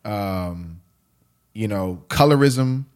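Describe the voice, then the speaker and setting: Animated, slangy American man, lowish voice. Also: extremely slow. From United States. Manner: animated storyteller, slangy and emphatic. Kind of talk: casual chat.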